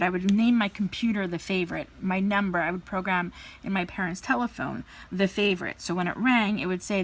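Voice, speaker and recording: A woman in her thirties chats while she crafts, telling stories at an easy mid pitch. She fills her talk with "like" and "you know" and slips into playful voices when she quotes people. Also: moderate pace. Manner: chatty, lots of fillers, playful voices for quotes. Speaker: crafting vlogger. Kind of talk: casual storytelling chat.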